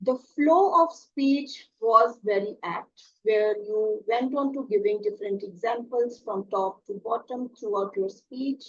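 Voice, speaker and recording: A woman's voice: medium pitch, measured pace, hardly any pauses, fairly bright tone, muffled recording. A woman evaluating a speech at an online club meeting, giving encouraging, structured feedback point by point.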